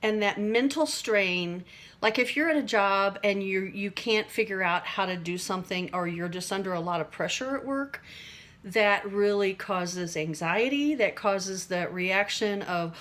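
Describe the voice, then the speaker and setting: A woman's voice: mid-range voice, a little slow, fairly bright tone. A middle-aged woman talking to camera in a casual, rambling way about everyday stress, acting out little voices and laughing at herself. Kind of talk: casual teaching monologue to camera.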